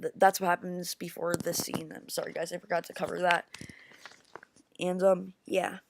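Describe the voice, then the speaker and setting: A woman giving a casual film review, rambling and excitable, with frequent restarts, calling her viewers "guys". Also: on the low side, creaky, a little hiss or hum. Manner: rambling, halting with many restarts.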